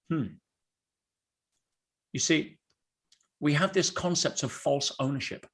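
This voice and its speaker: A man's voice: on the high side, animated, slow, pauses often, husky. A middle-aged man giving a blunt motivational talk to an online audience, telling stories and calling his listeners guys. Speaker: motivational speaker.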